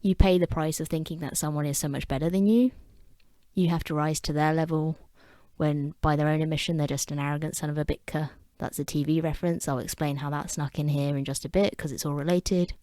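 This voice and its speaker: A woman's voice: low voice, steady tone, brisk, mellow, dry recording. A woman with an English accent talking to camera in a wry, chatty vlog with self-deprecating asides. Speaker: vlogger. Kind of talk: casual talking-head commentary.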